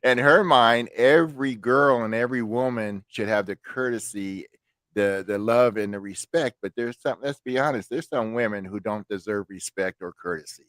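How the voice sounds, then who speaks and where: A podcast host with a mid-range, fairly bright voice and no echo shares crude, joking family stories at a normal speed. It's casual storytelling chat, and he performs his mother's lines as he goes.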